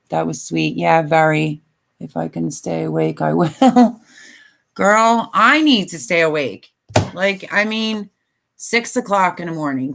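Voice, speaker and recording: A woman's voice: low-pitched, gravelly, a bit bright. An older woman chatting casually on a live stream, tired and emotional, rambling with many fillers. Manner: emotional, rambling, tearful at times.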